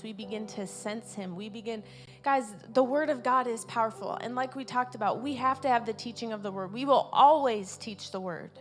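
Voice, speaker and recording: A woman preaching an informal sermon in a fairly high voice. She is earnest, circles back on her key words and pushes louder on her main points. Soft music plays faintly behind her. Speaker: preacher at a church service. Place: church service.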